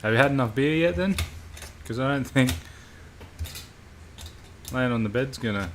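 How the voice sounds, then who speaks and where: A man's voice: mid-range voice, animated, moderate pace, slight background noise. A man hosting a live stream, chatting casually and bluntly with viewers and swearing freely. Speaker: livestream host.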